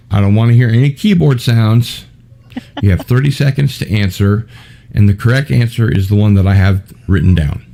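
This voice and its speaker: A man's voice: lowish voice, dark tone. A man hosting an online trivia game, chatty and joking, laughing often as he reads out the rules and questions. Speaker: host of a trivia game show.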